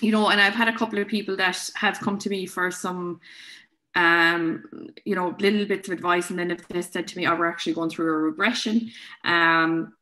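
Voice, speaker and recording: A relaxed Irish woman chats as a podcast guest, explaining her work. Her voice sits a little low and she laughs easily. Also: moderate pace. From Ireland. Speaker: guest sleep consultant. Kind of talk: casual chat.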